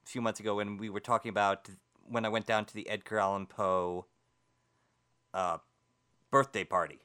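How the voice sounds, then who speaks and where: A man with a low, smooth and resonant voice, co-hosting a paranormal talk radio show. He chats casually and rambles a little, now and then stumbling over his words. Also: flat delivery, normal speed, bright, forceful tone.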